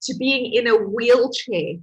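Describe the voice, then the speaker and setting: A woman who is a healing coach, telling her own story in an emotional, animated way with laughs. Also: fairly high pitch, a little slow, slightly rough, low-quality recording. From Portugal. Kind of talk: personal testimony to camera.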